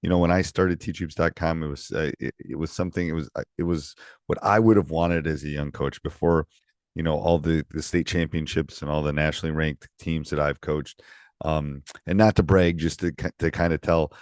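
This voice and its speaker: A middle-aged man hosting a coaching podcast, talking in a relaxed, rambling way with lots of ums and restarts. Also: a bass voice, a little fast, no echo, clean studio sound. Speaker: podcast host and basketball coach. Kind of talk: casual podcast chat with ad reads.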